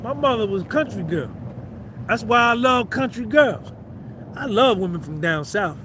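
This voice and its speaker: High-voiced profane New Jersey man. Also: expressive, normal speed, noisy background. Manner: profane, rambling, banters with chat. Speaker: livestream host. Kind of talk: casual livestream chat with viewers.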